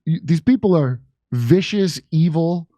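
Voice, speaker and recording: A man's voice: a little high, lively intonation, a little slow, dark tone, dry recording. A man talking casually about politics as a guest, rambling, profane and sarcastic.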